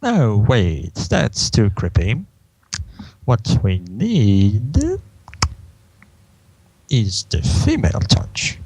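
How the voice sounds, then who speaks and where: A man voicing a flamboyant, teasing male chaos spirit in a comic reading of a fan comic, with theatrical, drawn-out delivery. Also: lowish voice, wildly swooping pitch, darkish tone, husky, no room sound, full character voice, poor audio. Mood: smug. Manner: theatrical, preening, drawn-out words.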